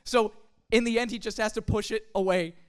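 A young adult telling a funny story to a church group, in a chatty, animated way with casual fillers. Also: medium pitch, a little fast, smooth. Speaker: speaker at a church youth gathering. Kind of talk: humorous storytelling talk to a group.

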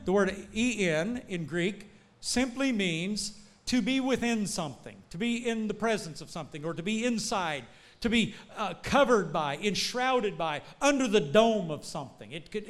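Animated preacher man, lively high voice. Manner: animated, rising to shouts, folksy storytelling. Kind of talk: sermon.

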